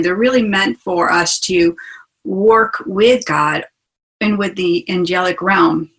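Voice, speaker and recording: A woman of middle pitch gives a casual teaching talk over a video call. She is chatty and enthusiastic and keeps asking her listeners along with her. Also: fairly bright tone, rough recording. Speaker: spiritual teacher hosting a webinar.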